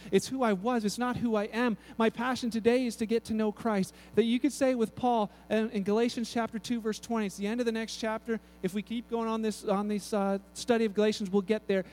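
A male pastor delivering a sermon, telling stories with lively acted-out voices and often repeating words as he goes. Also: high-pitched. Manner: animated storytelling, acts out voices, frequent repeated words.

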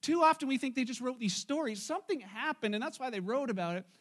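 A man's voice: very high voice, expressive, fast. A man preaching a sermon in church, retelling a Bible story in a casual, joking way to his congregation. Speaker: pastor.

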